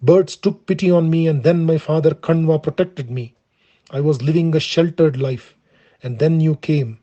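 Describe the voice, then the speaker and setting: A man reading the part of a wronged, proud young woman pleading for her son, in his own steady, earnest voice. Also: on the high side, moderate pace, lightly acted. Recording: dull lo-fi recording.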